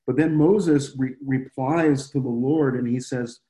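A man preaching a casual Bible-study sermon, talking conversationally and often pausing with fillers and restarts. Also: mid-range voice, steady tone, warm tone, rough recording.

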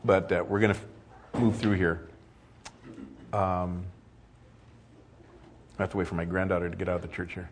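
A man's voice: low-pitched, level tone, normal speed, pauses often, a little hiss or hum. An older man preaching a sermon as pastor, conversational with joking asides.

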